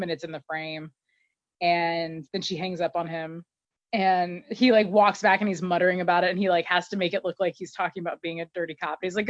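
A woman's voice: lowish voice, fairly even intonation, moderate pace, dry recording. Chatty woman on a lo-fi mic. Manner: chatty, filler-heavy, laughs often. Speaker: podcast host recapping an episode. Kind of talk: casual recap chat. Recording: dull lo-fi recording, dry.

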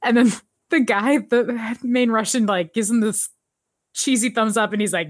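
A woman co-hosting a podcast, recapping a TV episode in animated casual chat and laughing often. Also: fairly high pitch, normal speed, dry recording, clean studio sound. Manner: animated, laughs often, jumps into quoted voices.

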